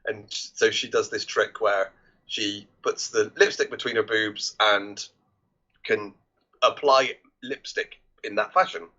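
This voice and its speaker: Man, podcast co-host, casual film chat, quotes scenes, bright tone, muffled lo-fi recording. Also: on the low side, a little slow. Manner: retells scenes quoting characters, many restarts. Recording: dull lo-fi podcast audio.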